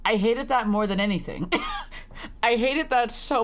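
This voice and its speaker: Animated young woman reacting to a game. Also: a little high, measured pace. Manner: animated, laughs often, flustered reactions. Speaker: streamer. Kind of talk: live game commentary.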